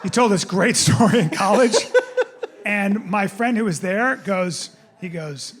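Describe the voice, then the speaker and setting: A man's voice: high-pitched, measured pace. A male comedian and podcast host telling stories in casual chat, acting out voices, swearing and laughing often.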